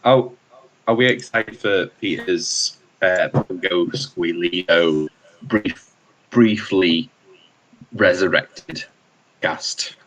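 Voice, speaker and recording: A man's voice: deep voice, drawn-out words, long pauses, a bit bright, low-quality recording. A man co-hosting a casual podcast chat over beers, teasing and chatty. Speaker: podcast co-host.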